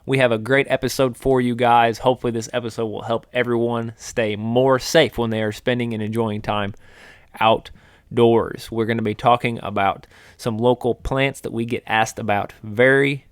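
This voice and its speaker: A man's voice: mid-range voice, flat delivery, normal speed, clear, resonant tone, no room sound, studio quality. A middle-aged man, co-hosting an outdoors podcast and explaining at length with frequent restarts and fillers. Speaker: podcast co-host, wildlife biologist. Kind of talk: casual podcast chat.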